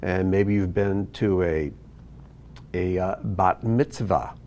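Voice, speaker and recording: A man teaching a video lesson, explaining slowly and patiently. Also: deep voice, a little hiss or hum. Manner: slow, patient explaining with lively ups and downs. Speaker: Hebrew teacher.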